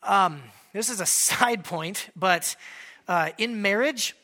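A man's voice: high voice, takes it slowly. A male pastor preaching a sermon in a conversational, joking way, acting out quoted lines with a raised voice. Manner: conversational, joking, animated Bible teaching.

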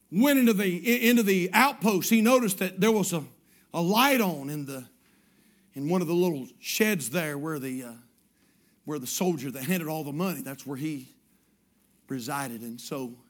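High-voiced preaching man, soft to shouting. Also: normal speed, long pauses. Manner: repeats phrases, swings from hushed to shouting. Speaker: pastor. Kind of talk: sermon storytelling.

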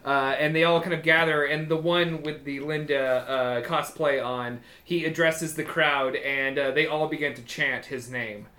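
A man's voice: a little high, fairly even intonation, unhurried, few pauses, sharp tone. A man narrating as game master of a tabletop game, in a loose, rambling way full of fillers. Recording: echoey room.

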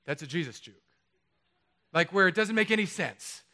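Pastor with a slightly high voice, casual and joking from the pulpit of a chapel. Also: male voice, normal speed. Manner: lively, conversational, joking. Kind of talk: sermon.

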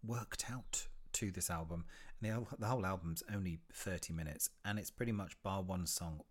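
Podcast host, male, very low pitch, rambling and chatty delivery. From United Kingdom. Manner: rambling and chatty, with frequent fillers and restarts. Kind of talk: casual solo podcast recommendations.

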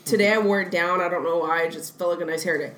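A woman's voice: fairly low pitch, quick pace. Young woman telling a story with laughs. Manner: animated storytelling, laughing through the punchlines. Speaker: podcast co-host. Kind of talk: casual chat. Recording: echoey room with faint noise.

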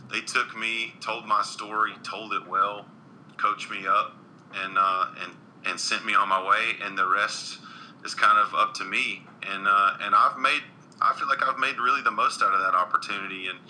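A man's voice: on the low side, sharp tone, a little hiss or hum, low-quality recording. A man, a country singer, chatting earnestly in an interview with frequent restarts and ums. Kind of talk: casual interview chat.

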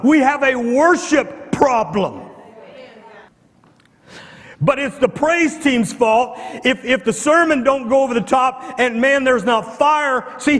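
A male pastor preaching a fervent sermon, repeating himself and firing rhetorical questions, at times rising to shouts. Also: extremely high pitch. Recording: long hall reverb.

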